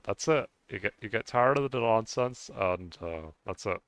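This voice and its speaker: With a medium-pitched, fairly bright voice that's clear and resonant, a man from the United States rants to his viewers at a measured pace, with no echo on the recording. His casual to-camera rant rambles, full of restarts, fillers, and frequent swearing.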